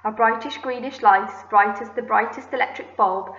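A woman teacher reads a children's book aloud with gentle, expressive storytelling. Her voice is bright and forward. The room rings a little, and the sound is slightly muffled. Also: on the high side, normal speed, echoey room, faint music behind. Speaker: primary school teacher.

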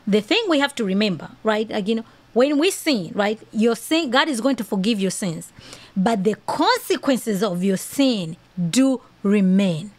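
A woman's voice: mid-range voice, expressive, measured pace. A woman hosting a podcast, giving earnest, opinionated commentary peppered with "you know" and "okay". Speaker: podcast host.

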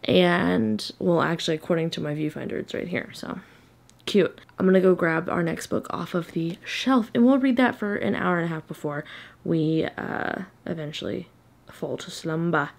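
Chatty low-voiced woman reading vlogger. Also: moderate pace, creaky. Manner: chatty and playful, drops to a whisper at times. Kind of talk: casual vlog chat. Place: home, indoors.

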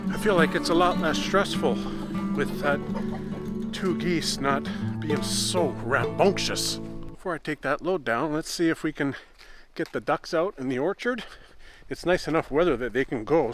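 A man casually narrating his day on a small farm, relaxed and chatty. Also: unhurried, music in the background. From Canada. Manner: relaxed, chatty, talks to animals in a high coaxing voice. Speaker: farm vlogger. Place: outdoors on a farm.

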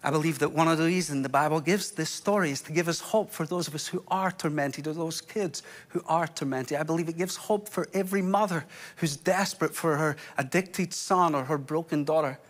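A Scottish man preaching a sermon as pastor, impassioned, with sudden drops to a hush. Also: a little high, a little fast. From Scotland.

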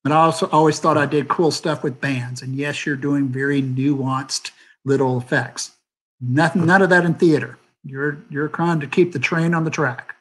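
A man's voice: on the high side, steady tone, normal speed. A man, a theater sound designer, talking candidly and rambling with many fillers on a video call. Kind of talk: panel talk on a video call.

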